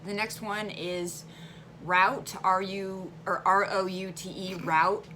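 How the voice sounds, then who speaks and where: A woman's voice: medium pitch, flat delivery, slow, sharp tone, a little hiss or hum. A woman with a central Illinois accent, chatting animatedly and laughing easily as she vlogs at home. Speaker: vlogger. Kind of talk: casual chat.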